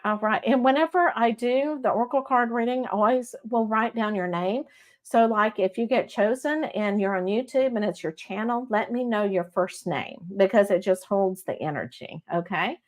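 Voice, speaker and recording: A middle-aged woman with a Texas accent, a medium hosting a casual live-stream reading. She talks in a chatty, warm-hearted way and often checks in with "okay?". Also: fairly high pitch, moderate pace. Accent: Texan. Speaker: psychic medium host.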